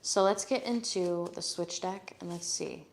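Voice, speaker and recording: A woman's voice: lowish voice, measured pace, vocal fry, background noise. A woman giving a live tarot reading, talking in a casual, blunt way and swearing freely. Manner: reads card messages aloud in a steady voice. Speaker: tarot reader.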